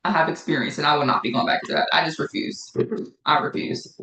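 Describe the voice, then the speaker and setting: A woman's voice: deep voice, fast, a bit bright. Woman leading a casual Bible study. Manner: conversational, repeats phrases for emphasis. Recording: echoey room.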